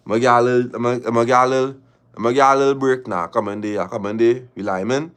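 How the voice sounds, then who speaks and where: A man hosts a livestream, reading viewer confessions aloud and breaking off into loud exclamations full of slang. His voice sits at an ordinary middle pitch for a man. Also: fairly even intonation, clean tone. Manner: reacts loudly with drawn-out exclamations and slang. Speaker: livestream host.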